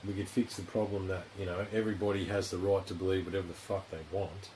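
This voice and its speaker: A low-voiced Australian man hosts a podcast from a studio, speaking quickly with little pitch movement and a slightly mellow tone. His casual interview chat is rambling and frank, full of swearing and a constant "you know." The audio is poor, with slight background noise.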